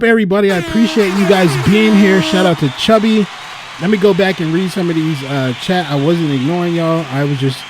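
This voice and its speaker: A man from the United States hosting a casual livestream chat, telling rambling stories with lots of laughs and swearing. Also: fairly high pitch. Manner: animated storytelling, laughs a lot, swears freely; loose, rambling delivery with restarts. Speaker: livestream host.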